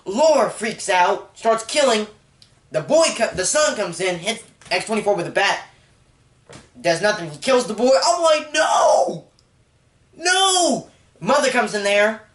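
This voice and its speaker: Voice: mid-range voice, expressive, normal speed, reverberant. A movie reviewer recapping a film in a rambling, casual way, full of "like" and openly emotional about the story.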